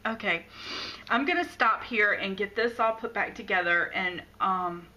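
A woman's voice: medium pitch, unhurried, pushed and bright. A tearful woman opening a gift box on camera, gushing in awe and often dropping to a near whisper. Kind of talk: casual unboxing chat. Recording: noisy room background.

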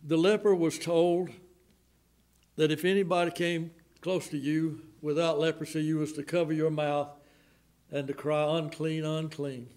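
Impassioned Southern preacher, slow and high. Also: male voice, flat delivery. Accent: Southern American. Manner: impassioned preaching with wide swings from loud outbursts to hushed, slowed lines. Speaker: pastor. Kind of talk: sermon. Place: church sanctuary.

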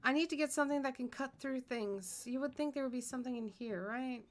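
A woman's voice: high voice, brisk. A young woman doing horror game commentary, scared and swearing as she talks herself through it. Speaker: gaming streamer.

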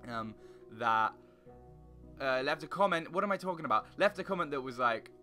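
A young man chatters through his block-building game in a rambling, goofy way, his voice bright and forward. Faint guitar music plays softly underneath. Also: expressive, normal speed. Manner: rambling, goofy, bursts into loud high singing and silly noises. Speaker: gaming YouTuber. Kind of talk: casual Minecraft let's play commentary.

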